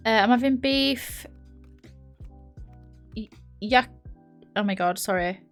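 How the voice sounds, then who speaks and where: A fairly high-pitched, slightly bright female voice speaks slowly over faint music. She has a Yorkshire accent and is a live streamer chatting casually while playing a building game, rambling, laughing often and frequently correcting herself.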